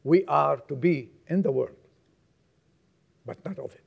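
Gravelly, high-voiced male preacher. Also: lively intonation, unhurried, highs cut off. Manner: emphatic, swings from raised exhortation to low quiet asides. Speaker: pastor. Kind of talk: sermon.

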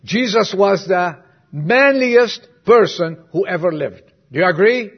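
Slow, gravelly male preacher. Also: sits high, lively intonation, highs cut off. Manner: emphatic preaching with sudden drops to soft, quiet asides; asks the congregation questions. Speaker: pastor. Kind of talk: sermon.

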